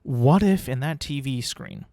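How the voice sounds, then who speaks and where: A man's voice: mid-range voice, expressive, a little slow, mellow, dry recording, studio quality. A young man hosting his own podcast, talking casually alone, rambling and repeating words, swearing now and then. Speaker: podcast host. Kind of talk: casual solo commentary.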